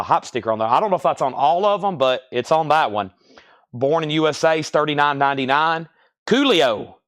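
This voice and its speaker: A man with a Southern US accent hosting a live record sale, reeling off titles and prices in a steady, folksy sales patter. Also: mid-range voice. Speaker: host selling records on a livestream. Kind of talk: live sales stream, casual chat.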